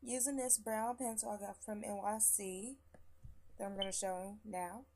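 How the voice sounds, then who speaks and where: A woman's voice: mid-range voice, fairly even intonation, a little slow, noisy background. Chatty, rambling young woman vlogger. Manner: chatty and rambling, swears freely. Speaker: beauty vlogger. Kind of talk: casual makeup tutorial. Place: at home after work.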